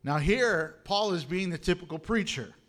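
A man with a high, light voice delivers a sermon from the pulpit. He preaches in an animated, joking way and slips into lively impersonations. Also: normal speed. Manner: animated, humorous preaching with acted quotes. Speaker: pastor.

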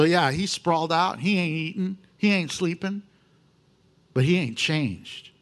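A man preaching a sermon in a folksy, expressive way, teaching through a scripture passage. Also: sits high. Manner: expressive, folksy, laughs often.

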